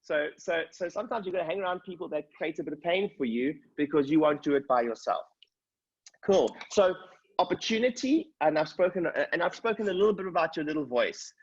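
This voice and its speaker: A man's voice: on the high side, animated, a little fast, slightly rough, lo-fi sound. A man coaching a group over a call, telling stories with energy and checking in with his listeners. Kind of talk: motivational talk on a group call. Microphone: video call.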